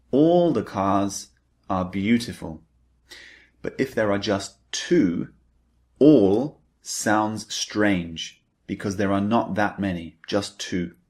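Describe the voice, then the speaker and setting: A man teaching an English grammar lesson, who repeats key points and stresses the target words. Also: low-pitched. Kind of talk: slow, deliberate grammar lecture.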